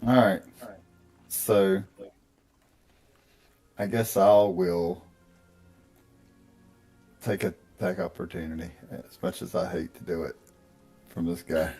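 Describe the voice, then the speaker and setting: Very deep, slow-talking man. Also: fairly even intonation, mellow, faint music behind. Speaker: player. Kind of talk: tabletop game play.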